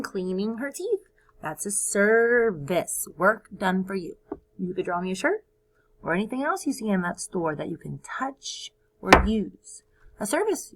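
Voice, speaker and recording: A woman teaching first graders in a recorded video lesson, encouraging and sing-song, sounding out words slowly for the children. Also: mid-range voice, fairly bright tone.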